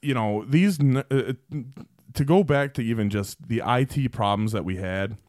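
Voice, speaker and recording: A man's voice: mid-range voice, normal speed, a little mellow, no echo, studio quality. A man on a podcast telling long, profane workplace stories in a loose, rambling way full of fillers. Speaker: podcast guest. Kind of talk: casual storytelling.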